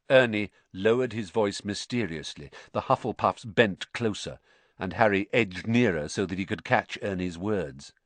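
A man narrating a story in an expressive reading voice, close to the mic. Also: fairly low pitch, moderate pace, no echo. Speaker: audiobook narrator. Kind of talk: scripted narration.

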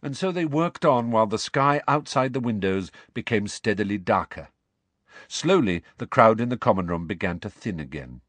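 A man's voice: lowish voice, animated, moderate pace, a bit bright, no echo. A man narrating a children's fantasy novel aloud, expressively, shifting his voice for each character. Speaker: audiobook narrator. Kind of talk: scripted storybook narration.

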